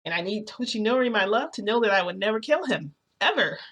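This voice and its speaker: A woman's voice: medium pitch, expressive, quick pace, fairly bright tone, slightly rough. A young woman telling a personal story to her viewers in a casual, rambling way, full of fillers. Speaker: vlogger.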